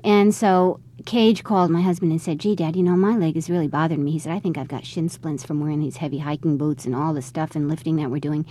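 A woman's voice: sits low, steady tone, quick pace, few pauses, mellow, slight background noise. A middle-aged woman telling a family story in an interview, acting out what people said along the way. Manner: conversational, re-enacts quoted dialogue. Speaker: interviewee, mother.

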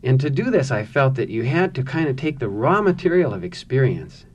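A man, an author, speaking thoughtfully about his writing and reading his own novel aloud in a measured way. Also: mid-range voice, very animated, darkish tone, lo-fi sound, a little hiss or hum.

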